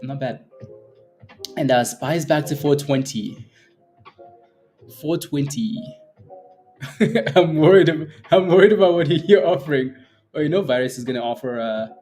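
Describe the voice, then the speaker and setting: A man's voice: a little high, dark tone. A man hosting a live day-trading stream, chatting casually with viewers, playful and laughing often while reading the chat. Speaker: day-trading livestream host.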